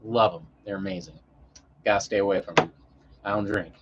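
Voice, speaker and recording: A man's voice: sits low, fairly even intonation, a little fast, highs cut off, very noisy. A man chatting casually on a live stream, rambling and swearing in an easygoing way.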